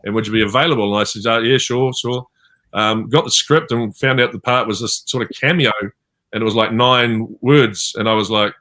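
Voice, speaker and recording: A man's voice: mid-range voice, a little fast, sharp tone. A man with a New Zealand accent, a voice actor telling rambling stories with many fillers in a panel interview over a video call. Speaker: voice actor guest.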